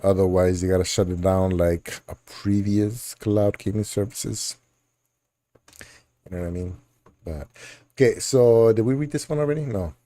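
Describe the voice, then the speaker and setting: Low, mellow-voiced man in casual chat. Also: normal speed, no room sound. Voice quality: laughs often, jokey and rambling. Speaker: podcast host. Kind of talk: casual chat reading gaming news.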